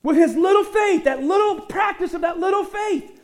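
A man preaching a sermon in an animated way, often repeating words as he goes and pushing out loud bursts of emphasis. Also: very high voice, moderate pace. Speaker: pastor.

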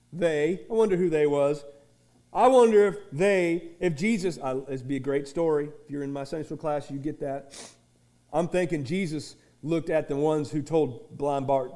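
A pastor preaching with a high voice that carries. He builds to shouted, repeated lines, then drops to quiet, chatty asides and acts out the people in his stories. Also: a little slow. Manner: restarts and acts out little dialogues. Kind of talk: sermon.

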